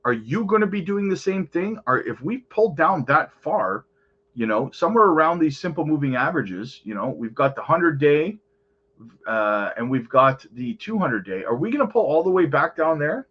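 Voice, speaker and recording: A man's voice: on the high side, very animated, moderate pace, husky, muffled recording. A man hosting a crypto channel, chatting casually over market charts and often calling out to his viewers.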